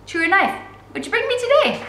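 A woman voicing a huge, food-loving male British soldier who talks briskly in a raised voice in a storybook reading. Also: very high-pitched, very animated, a bit bright, echoey room, slight background noise, pitched above the performer's own voice, full character voice. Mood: jovial.

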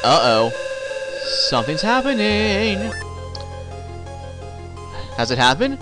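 A man's voice: on the high side, big pitch swings, unhurried, long pauses, a bit bright, soft background music. A man commenting on his gameplay, joking and sarcastic, talking back to the characters on screen. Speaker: let's play host.

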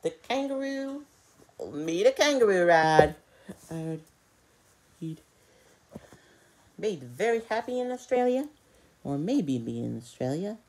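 A woman narrating a made-up stuffed-animal tale, pausing often and stumbling over words. Her voice moves very widely in pitch, and she tells it slowly. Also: big pitch swings, darkish tone. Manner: hesitant, with fillers and slips. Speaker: storyteller. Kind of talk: improvised children's story narration.

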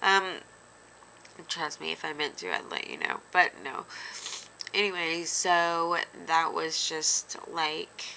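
A woman talks slowly into her camera for her daily video diary, her voice bright yet gravelly and close to tears. She rambles with lots of fillers, and a faint hiss sits under the recording. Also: sits low, rough recording. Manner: tearful, rambling with many fillers. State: teary. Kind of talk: emotional personal vlog.

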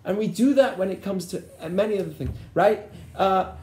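A man's voice: high-pitched, fairly quick, a little mellow. A man, a rabbi, teaching an interactive lesson and often checking in with his listeners. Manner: keeps checking in with the class. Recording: echoey room.

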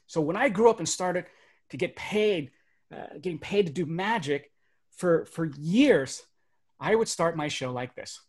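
A man in his thirties tells stories from his life as a magician, performing for a virtual audience through a webcam. His voice sits a little high, and he swings between animated comic timing and hushed, serious moments. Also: unhurried, long pauses. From Burbank, United States. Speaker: magician and motivational speaker. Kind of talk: stand-up storytelling for a virtual audience. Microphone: webcam setup.

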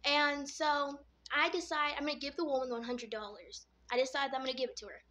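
A woman's voice: high voice, fairly even intonation, fairly quick, sharp tone. A woman vlogger casually retelling a dream, rambling and filling her talk with "like". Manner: rambling, full of "like" fillers.

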